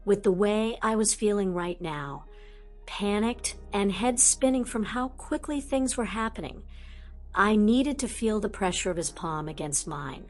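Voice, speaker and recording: A woman's voice: mid-range voice, measured pace, faint music behind. A woman reading a first-person fanfiction audiobook in an earnest, emotional storytelling manner. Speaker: audiobook narrator.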